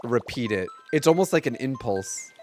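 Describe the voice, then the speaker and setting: A man's voice: medium pitch, expressive, moderate pace, soft background music. A man in his thirties chatting casually on a live stream from home, rambling along with lots of filler words.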